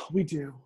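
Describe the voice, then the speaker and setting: A woman's voice: fairly high pitch, breathy edge. Bubbly woman podcast co-host. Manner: bubbly, giggly, rambling. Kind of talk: casual chat.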